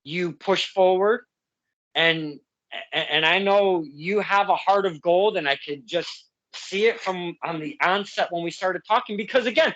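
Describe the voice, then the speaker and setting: A man's voice: high-pitched, measured pace, fairly bright tone, lo-fi sound. A man hosting a casual interview, effusive and heartfelt, rambling with many restarts. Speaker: podcast host.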